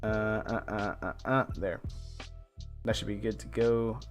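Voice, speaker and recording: Faint lo-fi music accompanies a young American man chatting on his art live stream in a fairly low voice with fairly even intonation and a measured pace. He rambles casually, packing in fillers and laughing often.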